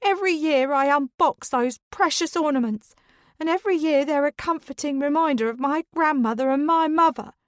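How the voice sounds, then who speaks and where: A melodramatic woman sobs and shrieks in a high, piercing voice, all injured pride. A woman narrator acts her out in close, dry audiobook sound with no room around her. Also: sing-song, measured pace, hardly any pauses, darkish tone, dry recording. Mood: tearful, outraged. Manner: shrill, wailing, theatrical. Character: distraught middle-aged woman, melodramatic and tearful. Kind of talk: audiobook character voice.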